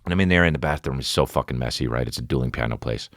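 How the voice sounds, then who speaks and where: A man hosting a podcast, telling a comedic story in a profane, animated way that climbs high as he gets excited. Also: very fast, dry recording, studio quality. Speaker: podcast host. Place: podcast studio.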